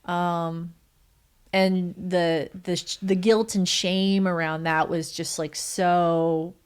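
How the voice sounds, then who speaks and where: Lowish-voiced woman on a podcast, rambly, lots of likes and laughs. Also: steady tone, takes it slowly, clear, resonant tone. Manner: rambling, laughs often, many fillers. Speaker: podcast guest. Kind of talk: casual interview chat.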